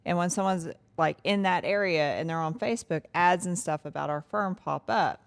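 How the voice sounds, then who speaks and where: A woman's voice: on the low side, normal speed, creaky. A woman who works as a law firm's administrator, chatting casually on a podcast and retelling conversations.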